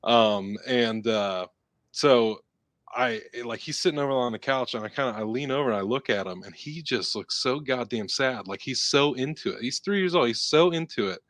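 Speaking at a normal speed with a medium-pitched, fairly bright, expressive voice, a male podcast co-host rambles casually through a story, using lots of fillers. There's no room sound in the recording.

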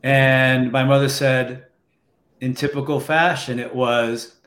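A man telling a personal story in a slow, reflective, emotional way, with restarts, in casual conversation. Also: mid-range voice, flat delivery, fairly bright tone. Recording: roomy echo.

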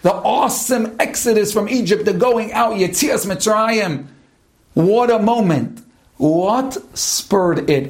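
High-voiced rabbi with slow, drawn-out delivery. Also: male voice, darkish tone. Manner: rhetorical questions, drawn-out emphatic pauses; mixes Hebrew terms into English. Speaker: rabbi giving a Torah talk. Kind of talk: Torah lesson sermon.

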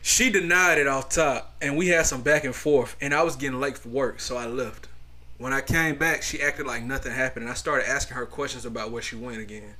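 A man co-hosting a podcast, speaking with a Southern US accent. He reads posts aloud and riffs on them, loose and profane, full of energy. His voice sits at an ordinary pitch. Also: fairly quick, bright, forceful tone. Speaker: podcast co-host. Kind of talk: casual podcast chat.

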